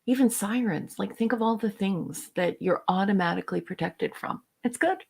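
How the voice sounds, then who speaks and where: A woman's voice: mid-range voice, normal speed, creaky, a little mellow, slightly rough. Chatty enthusiastic woman co-host. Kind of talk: casual chat.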